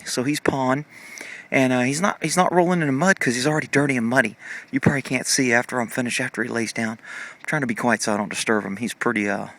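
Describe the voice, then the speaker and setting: A man's voice: mid-range voice, quick pace, creaky, fairly bright tone. Chatty man filming horses outdoors. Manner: chatty, rambling, fond, with fillers. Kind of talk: casual outdoor commentary. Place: outdoors in a muddy pasture. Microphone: handheld camera.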